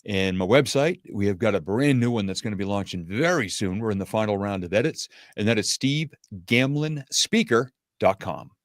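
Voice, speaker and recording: A man speaking as a podcast guest and motivational speaker in casual interview chat, with a smooth radio-announcer delivery. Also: lowish voice, lively intonation, moderate pace, few pauses, no echo, clean studio sound.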